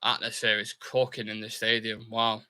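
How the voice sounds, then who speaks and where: Bright-voiced excitable man hosting a watchalong. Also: lowish voice, normal speed. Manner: chatty, reads viewer comments aloud, excitable bursts. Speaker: fan channel host. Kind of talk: live football watchalong chat.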